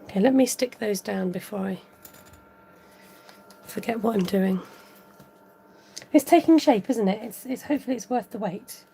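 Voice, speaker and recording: Woman, chatty craft tutorial, gravelly warm voice, faint room hiss. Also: medium pitch, normal speed, pauses often. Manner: chatty, giggly, talks while working. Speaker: papercraft demonstrator. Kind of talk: casual crafting tutorial chat.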